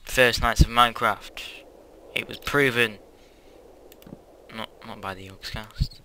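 A man's voice: on the low side, steady tone, slow pace, sharp tone, a little hiss or hum, poor audio. A young man rambling through a Let's Play at home, hyperactive and self-mocking, with sudden squeals and whispered asides. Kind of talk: casual gameplay commentary. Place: quiet house at home.

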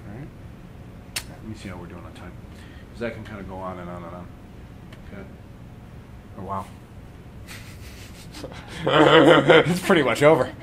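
Low-voiced man teaching breathing practice. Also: a little hiss or hum. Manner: calm, conversational, checks in with "right?". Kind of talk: live workshop lecture.

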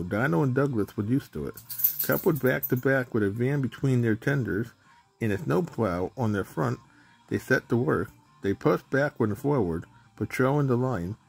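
A man's voice: medium pitch, gravelly, breathy edge. A man reading a children's picture book aloud, stumbling over words now and then. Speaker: storybook reader.

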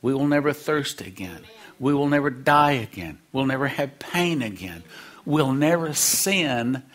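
A man's voice: medium pitch, expressive, measured pace, fairly bright tone. A man preaching a sermon, acting out quoted voices and dropping humorous asides.

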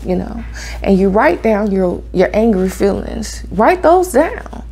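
Heartfelt woman vlogger with some vocal fry; casual, repetitive, talks straight to camera. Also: mid-range voice, very animated, a little slow, warm tone, a little hiss or hum. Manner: heartfelt, conversational, repeats phrases. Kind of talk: personal talk to camera.

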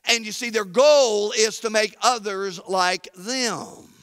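A man pastor preaching an emphatic sermon, rising to shouts at key points, in a church sanctuary. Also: high-pitched, slow, clear, resonant tone, no echo, clean studio sound, in a large hall.

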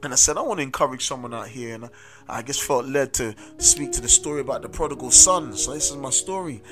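A man's voice: mid-range voice, fast. South London preacher man over music. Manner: earnest, repeats "amen" and "listen to me". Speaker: street preacher. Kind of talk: sermon with personal testimony. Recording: music playing under the voice.

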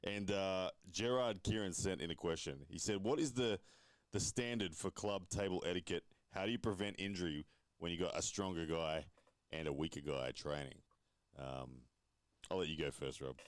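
A man hosting a podcast in relaxed chat, easygoing and quick to laugh. His voice sits low, recorded dry and close with no room sound. He reads out viewer questions and talks them through at length. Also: no echo. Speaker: podcast host. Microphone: podcast microphone.

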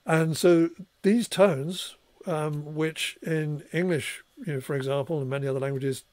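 A man lectures in a steady, explanatory way, pausing now and then to clear his throat. His voice sits a little higher than most men's. The sound is dry, with no room around it. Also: no echo. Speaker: professor giving a tutorial. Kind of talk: recorded lecture.

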